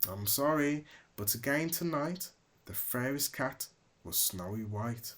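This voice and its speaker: A man's voice: mid-range voice, animated, a little slow, a bit bright. A man voicing a talking crystal ball who answers in sing-song rhymes during a storybook reading. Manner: sing-song rhyming delivery. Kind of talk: storybook read-aloud.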